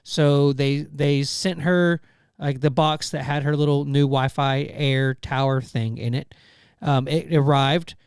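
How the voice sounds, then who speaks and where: A man's voice: mid-range voice, steady tone, unhurried, smooth, dry recording, clean studio sound. Chatty man rambling through a story. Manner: rambling storyteller, frequent fillers and restarts. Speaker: podcast co-host. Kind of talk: casual chat.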